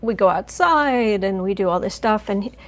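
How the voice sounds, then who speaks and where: A woman's voice: mid-range voice, expressive, moderate pace. A woman hosting a tarot channel, chatting in a rambling, casual way on a live stream. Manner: chatty, rambling, coos softly to her cat. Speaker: tarot reader, channel host.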